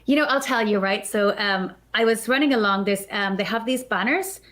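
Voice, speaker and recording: A woman guest on a podcast, telling a story in a chatty, animated way and acting out her own thoughts. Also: mid-range voice, moderate pace. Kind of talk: casual storytelling.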